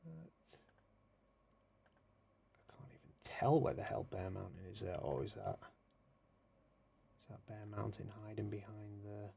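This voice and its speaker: Gravelly low-voiced man, muttering. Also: unhurried, pauses often. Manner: mutters quietly to himself while sorting photos, then speaks up to viewers. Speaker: livestream host. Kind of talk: casual livestream chat, thinking aloud.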